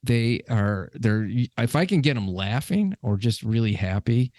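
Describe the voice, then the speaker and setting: A man's voice: medium pitch, animated, unhurried, darkish tone, no room sound, clean studio sound. A man hosting a podcast in casual conversation, talking in a chatty, rambling way with frequent restarts. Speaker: podcast host.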